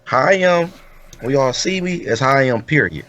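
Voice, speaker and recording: A man's voice: medium pitch, animated, normal speed, a bit bright, dull audio. A man co-hosting a talk show, speaking in laid-back street slang and repeatedly saying "you know what I'm saying.". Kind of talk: casual talk show chat.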